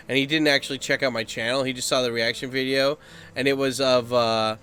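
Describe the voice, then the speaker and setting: Bright-voiced man ranting to camera. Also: medium pitch. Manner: animated, profane, mimics others in quick put-on voices. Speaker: YouTuber. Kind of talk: casual ranting vlog. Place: Japan.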